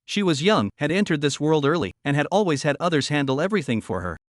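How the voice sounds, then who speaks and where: A man reading a scripted story recap in an even, steady way. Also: fairly high pitch, quick pace, no echo, clean studio sound. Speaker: narrator.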